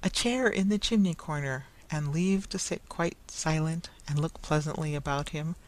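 A narrator playing a jovial, hearty carrier man who talks loudly and warmly. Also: normal speed, lightly acted, rough recording. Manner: loud, hearty and booming.

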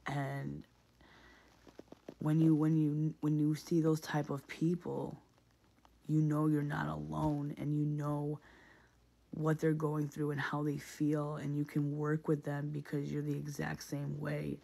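A man's voice: on the high side, completely flat delivery, takes it slowly, vocal fry, dark tone. A man in a casual, reflective monologue, speaking earnestly and often repeating himself with many fillers.

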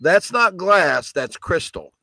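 Fast-chanting male auctioneer. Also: sits high, big pitch swings, creaky, sharp tone, no echo. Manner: rapid auction chant with repeated numbers. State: coughing, choked up. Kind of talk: live online auction selling.

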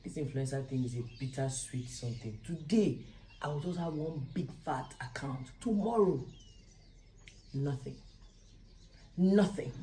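A woman's voice: rumbling low, mellow, a little hiss or hum, low-quality recording. A young Nigerian woman with a Nigerian accent, chatting casually to camera at home in a vlog, joking about being broke. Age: young adult. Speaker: vlogger. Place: at home, indoors.

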